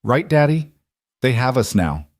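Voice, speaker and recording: A man's voice: medium pitch, very animated, measured pace, voice pushed up. A man voicing a determined, caring young girl who speaks earnestly and firmly. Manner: earnest, firm.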